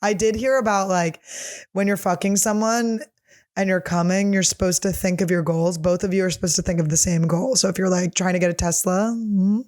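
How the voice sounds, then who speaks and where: A woman's voice: lowish voice, fairly even intonation, a little fast, darkish tone. A woman comedian hosting her show in a casual solo chat, reading fan questions aloud and answering them in a blunt, profane, jokey way, often laughing.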